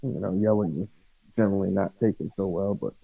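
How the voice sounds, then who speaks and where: A man's voice: sits low, a little fast, vocal fry, breathy edge. Wry male caller on phone line. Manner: provocative, wry questioning. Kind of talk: call-in advice chat.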